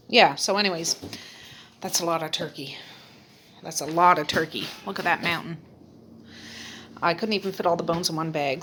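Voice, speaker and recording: A woman's voice: fairly low pitch, a bit bright. Woman vlogger, chatty and laughing, home video with faint noise. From Nova Scotia, Canada. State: out of breath. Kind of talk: casual cooking vlog. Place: home kitchen and attic.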